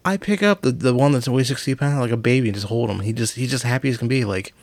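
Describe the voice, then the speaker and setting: A man's voice: medium pitch, quick pace, a little mellow, dry recording. A man chatting casually, blunt and joking, with some swearing. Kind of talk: casual chat.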